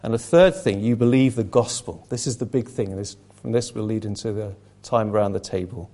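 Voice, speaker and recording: A man's voice: lowish voice, fairly quick, dark tone. A man preaching a conversational sermon to a small group, earnest, repeating words as he restarts his sentences.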